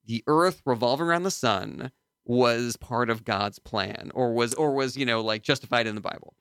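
A man's voice: medium pitch, moderate pace, fairly bright tone, smooth, no room sound, studio quality. A man hosting an improv comedy interview, asking playful questions. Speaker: host.

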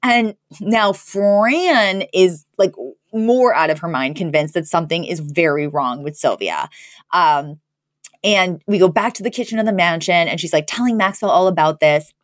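A woman's voice: on the low side, lively intonation, normal speed, no room sound, clean studio sound. Chatty woman recapping a sitcom episode. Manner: chatty, laughs often, many "like" fillers. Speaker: podcast co-host.

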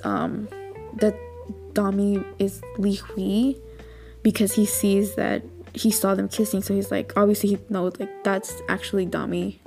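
A woman hosting a podcast, recapping a drama in a chatty, animated way with lots of fillers and little outbursts. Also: mid-range voice, vocal fry. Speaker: podcast host.

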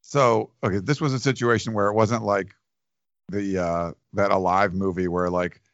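A man with a low, gravelly voice chats casually as a podcast co-host. He rambles and restarts his sentences. The sound is dry and dull, like a lo-fi recording. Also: steady tone, moderate pace, no echo. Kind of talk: casual chat.

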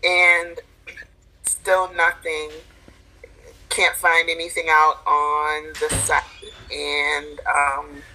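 A woman on a comedy podcast delivers dry, deadpan quips. Her voice is fairly low in pitch but bright and forward in tone. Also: drawn-out words, long pauses, a little hiss or hum, rough recording. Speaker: podcast co-host. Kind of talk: casual comedic chat.

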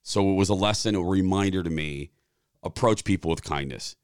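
Animated storytelling man in his forties. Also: low-pitched, a little fast, smooth, dry recording, studio quality. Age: 40s. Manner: animated storyteller, acts out quoted dialogue. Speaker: podcast co-host. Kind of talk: casual chat.

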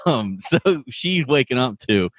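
Laid-back male co-host, animated pitch swings, casual chat, dry close mic. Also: measured pace, dry recording. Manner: laid-back, laughs often, lively ups and downs. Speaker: podcast co-host.

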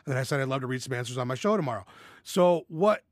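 A man's voice: medium pitch, lively intonation, fast talker, no echo, studio quality. A man hosting a casual Q&A podcast, blunt and profane, with bursts of enthusiasm. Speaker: podcast host.

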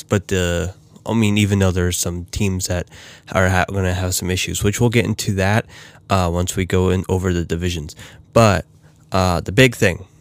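A man's voice: low-pitched, smooth, no echo. A man hosting a casual solo hockey talk, rambling with many fillers and restarts. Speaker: hockey podcast host.

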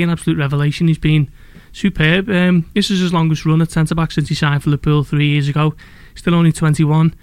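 A man's voice: on the high side, clear, resonant tone, no room sound. A man who writes about football, giving confident analysis in a casual chat. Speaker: football writer and podcast guest.

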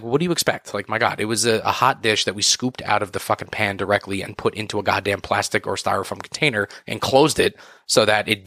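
A man's voice: on the low side, gravelly, bright, forceful tone, no room sound, clean studio sound. A man hosting a podcast, talking in a casual, exasperated rant full of swearing and fillers. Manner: profane, exasperated, filler-heavy. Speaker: podcast host. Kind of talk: casual ranting monologue.

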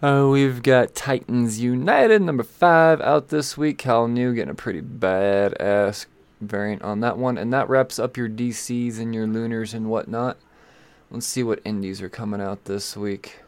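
A man of average pitch talks casually through a list of new releases. He rambles, stalls and swears under his breath as he loses his place. The sound is close and dry, with no room echo. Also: unhurried, smooth. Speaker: comic book shop host.

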